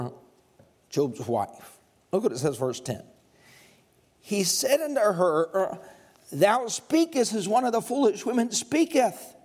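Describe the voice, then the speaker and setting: A man preaching a sermon, with passionate surges that climb high and loud and then drop to slow, low emphasis.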